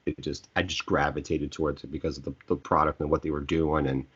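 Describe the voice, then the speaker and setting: A middle-aged man with a very deep voice hosts a casual chat among friends. He rambles, restarts and stumbles over his words. The recording sounds dull and lo-fi. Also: level tone, quick pace, fairly bright tone, slightly rough. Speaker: host.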